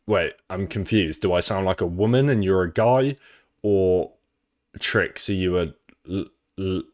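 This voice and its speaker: Low-voiced Midlands English man. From England, Midlands. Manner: rambling, sweary. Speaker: streamer. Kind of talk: casual live reaction chat.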